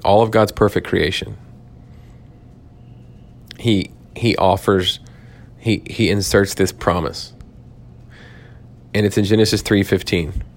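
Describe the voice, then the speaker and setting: A man preaching a sermon, earnest, posing rhetorical questions and restarting his phrases as he explains scripture. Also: fairly low pitch. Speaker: pastor.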